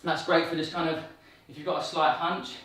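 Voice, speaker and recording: A man's voice: fairly high pitch, flat delivery, fairly quick, a bit bright, distant mic. Upbeat male fitness coach, slightly breathless, heard off-mic in a very echoey room. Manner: upbeat, encouraging, counts reps aloud. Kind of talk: guided workout instruction.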